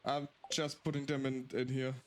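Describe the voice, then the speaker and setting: A man's voice: medium pitch, little pitch movement, normal speed, a little hiss or hum. A man hosting a game stream, chatting casually and laughing often. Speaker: streamer host. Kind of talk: casual gameplay chat.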